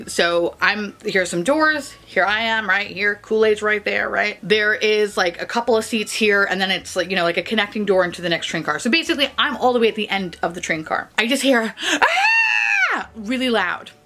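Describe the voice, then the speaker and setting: A young woman vlogger telling a story, swearing constantly and tagging lines with "like" and "right?". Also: fairly high pitch. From New York. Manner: animated, swears constantly, many "like" and "right?" tags. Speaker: beauty vlogger. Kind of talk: profane storytelling to camera.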